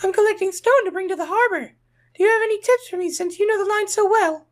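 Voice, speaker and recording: A narrator voicing a cheerful little pink female tank engine in a very high, eager voice, in a toy-train storybook remake. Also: fast.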